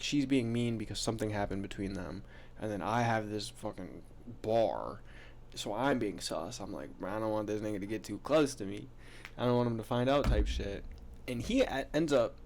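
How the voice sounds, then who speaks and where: A man's voice: fairly low pitch, a little mellow, slight background noise. A young man telling a story in a casual, rambling way, full of slang, swearing and "like". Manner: profane slangy rambling, heavy use of "like".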